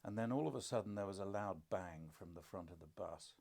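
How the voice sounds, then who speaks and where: An older man speaks with a low, deep voice in a relaxed, casual conversation. He tells his stories in a reflective way and drops dry, self-deprecating jokes along the way. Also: a little fast, vocal fry. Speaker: podcast co-host, father.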